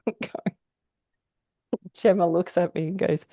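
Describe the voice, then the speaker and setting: A woman's voice: lowish voice, fairly even intonation, slow pace, dark tone, no echo, studio quality. An Australian woman telling stories in a casual chat, often laughing and acting out the voices of people she quotes. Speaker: guest.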